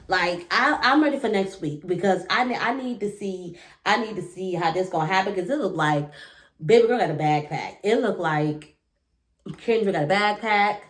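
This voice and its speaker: A woman at medium pitch talks rapidly through her reactions to a reality show, keeping it casual and animated. She scatters fillers and little digressions throughout.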